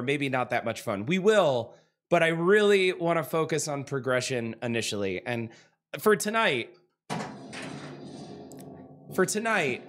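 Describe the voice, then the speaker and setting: A man hosting a casual livestream, reading viewer comments aloud, chatty and self-deprecating and quick to laugh. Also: a little high, fairly bright tone. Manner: laughs easily. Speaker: livestream host. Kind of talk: casual stream chat.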